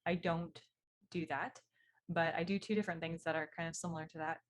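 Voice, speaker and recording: A woman's voice: low voice, steady tone, brisk, slight background noise. A woman co-hosting a casual chat about writing, talking in a friendly, chatty, supportive way. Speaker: podcast co-host, novelist.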